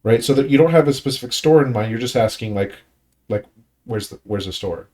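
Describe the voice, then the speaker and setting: A man's voice: medium pitch, a little fast, mellow. A man leading a casual language study session, patiently explaining grammar while thinking aloud with frequent fillers and restarts, and giving short praise to learners. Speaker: study group leader teaching Tongan.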